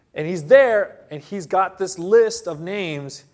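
A man preaching a sermon to a congregation, telling a story slowly and dramatically with sudden loud bursts. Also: high voice.

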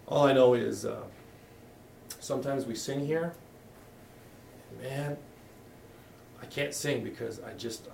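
Middle-aged guy pastor giving a sermon, gravelly voice, roomy echo, a bit far from the mic. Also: mid-range voice, a little slow, long pauses, noisy background. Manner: candid, conversational, with frequent restarts. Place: church hall. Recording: echoey room, voice from a distance.

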